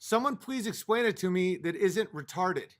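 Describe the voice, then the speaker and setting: A man's voice: high voice, expressive, normal speed. A man hosting a livestream, ranting heatedly with lots of swearing while reading chat comments aloud, a few drinks in. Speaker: livestream host. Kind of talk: late-night livestream rant.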